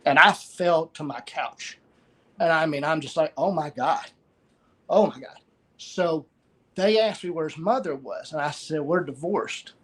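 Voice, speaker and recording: A middle-aged man telling a personal story as an interview guest, halting and repeating words. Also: on the high side, sharp tone.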